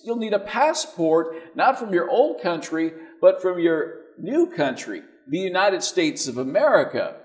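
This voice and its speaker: Brief: male preacher, light high voice, folksy storytelling sermon. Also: sing-song, a little slow, hardly any pauses.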